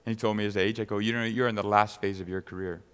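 A man's voice: on the low side, steady tone, fast, a bit bright, clear, resonant tone, long reverb tail. A man preaching a sermon as pastor, reading scripture aloud and then speaking conversationally to the congregation.

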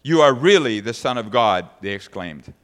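A man's voice: medium pitch, expressive, moderate pace, big-room sound. A man preaching a sermon as pastor, reading scripture aloud and then speaking conversationally to the congregation.

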